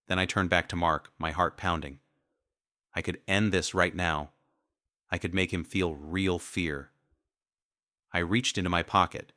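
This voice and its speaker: Slow deep-voiced male narrator. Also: fairly even intonation, pushed and bright, no room sound, studio quality. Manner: cold menacing. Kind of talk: scripted first-person story narration.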